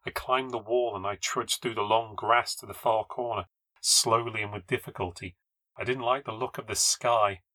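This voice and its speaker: A man reading a first-person ghost story aloud for a podcast, in a measured, low-key storytelling voice that lifts at tense moments. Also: steady tone, pushed and bright.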